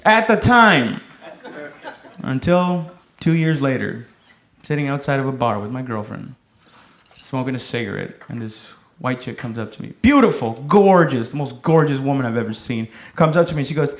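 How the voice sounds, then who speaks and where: A man doing a stand-up comedy set, telling loud, profane stories and shouting some bits. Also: on the high side, animated, fairly quick. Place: comedy club stage with a laughing audience. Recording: echoey room, noisy live audience.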